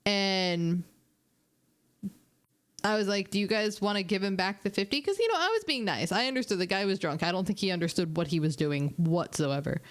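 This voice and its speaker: A young woman streamer casually telling animated, chatty stories to her viewers, laughing and swearing along the way. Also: mid-range voice, moderate pace. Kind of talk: casual storytelling.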